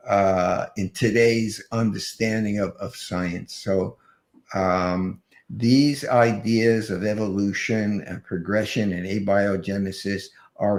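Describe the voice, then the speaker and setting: Man, guest speaker, halting, many fillers, low voice, echoey room. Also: a little mellow. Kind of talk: closing a presentation.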